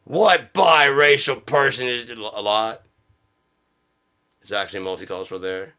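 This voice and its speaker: A male comedian rants in a satirical comedy bit, sarcastic and profane. His voice is bright and forward, with a middling pitch for a man. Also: measured pace, smooth.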